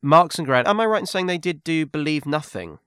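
A man's voice: on the high side, animated, fairly quick, fairly bright tone, smooth, dry recording, studio quality. A man co-hosting a podcast who asks questions and teases his co-host in a casual chat.

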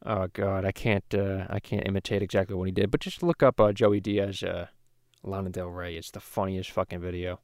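A man's voice: low voice, fairly even intonation, brisk, no room sound, clean studio sound. A man playing a crude cartoon baby boy in a parody podcast, rambling through stories with lots of swearing and restarts. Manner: rambling storyteller, swears a lot, many restarts. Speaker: podcast host. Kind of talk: casual parody podcast chat.

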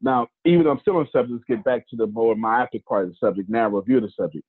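This motivational speaker spins personal stories in a loose, joking way, tossing preacher-style asides to his audience and talking quickly. His mid-pitched voice is husky and slightly rough. The recording comes across thin and tinny, much like a phone call.

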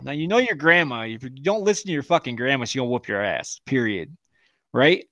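A man's voice: mid-range voice, very animated, fast, a bit bright, dry recording, clean studio sound. A man in his forties co-hosting a podcast, telling crude stories in casual chat and laughing often. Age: 40s. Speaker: podcast co-host.

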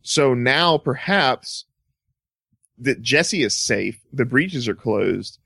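A man's voice: medium pitch, expressive, drawn-out words, vocal fry, bright, forceful tone, dry recording, studio quality. A man co-hosting a casual podcast, playful, with a slight lisp. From American South. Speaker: podcast co-host. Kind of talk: casual chat.

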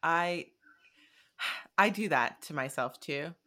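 A woman hosting an interview podcast, chatty and enthusiastic, reacting warmly to her guest. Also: low voice, animated, takes it slowly. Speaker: podcast host. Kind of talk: casual interview chat.

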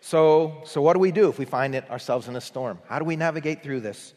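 A man preaching a morning sermon, earnest in tone, who builds up to emphatic peaks and then drops to a near hush. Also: a little high, brisk, in a large hall. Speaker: pastor.

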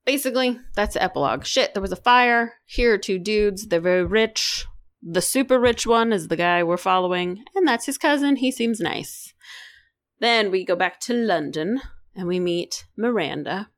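Woman co-host, sore throat, lively swooping pitch, chatty and profane. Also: normal speed. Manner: animated, swears casually, jokey asides. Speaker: podcast co-host. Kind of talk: casual book chat.

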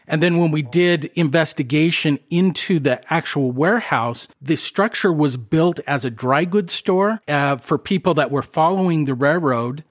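A man's voice: fairly high pitch, moderate pace, hardly any pauses. A man co-hosting a paranormal podcast, chatting eagerly and casually with a guest. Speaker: podcast co-host, paranormal investigator. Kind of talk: casual interview chat.

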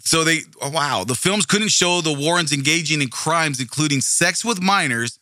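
Bright-voiced indignant man ranting, dry sound. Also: a little high, expressive, moderate pace, no echo. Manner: indignant, profane, sarcastic, mocking voices. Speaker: commentary video host. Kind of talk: profane casual commentary.

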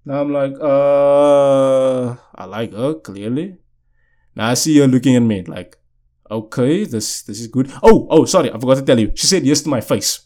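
A young man in casual conversational storytelling, speaking at a middle pitch. He hosts his own podcast from a chair and talks in a loose, chatty way, filling his sentences with "you know what I'm saying". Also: animated, a little fast, a little mellow. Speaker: podcast host. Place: indoors, seated.

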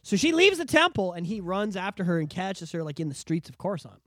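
A man hosting a podcast in casual chat, excitable and emphatic, swearing freely. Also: high-pitched, a little fast, no room sound. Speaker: podcast host.

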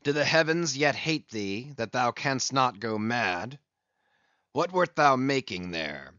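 A man's voice: medium pitch, sing-song, slow, sharp tone, dry recording, highs cut off, full character voice. A man reading an audiobook, voicing an obsessed, brooding old sea captain who speaks in passionate, commanding old-fashioned speech. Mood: intense.

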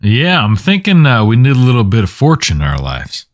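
A man's voice: medium pitch, huge pitch swings, fairly quick, dry recording, clean studio sound. A man playing in a tabletop role-playing game, easygoing and chatty. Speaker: player. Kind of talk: casual chat during a tabletop game.

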